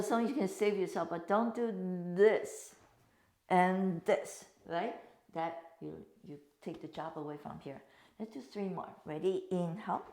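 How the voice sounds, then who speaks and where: A woman's voice: mid-range voice, darkish tone. A woman leading a Pilates class, cueing breaths and counts in slightly phrasing. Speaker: Pilates instructor. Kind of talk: guided exercise class instruction. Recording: echoey room.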